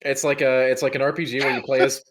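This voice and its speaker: A man's voice: medium pitch, flat delivery, quick pace, noisy background. A man co-hosting a casual podcast chat, easygoing and playfully sarcastic. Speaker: podcast co-host.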